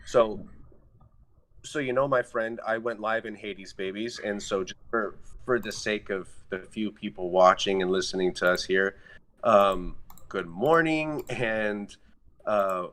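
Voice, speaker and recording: A man speaking as a podcast guest, chatting casually and warmly about astrology over a video call. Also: on the low side, takes it slowly. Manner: friendly, chatty, loose phrasing. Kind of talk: casual astrology chat over a live stream.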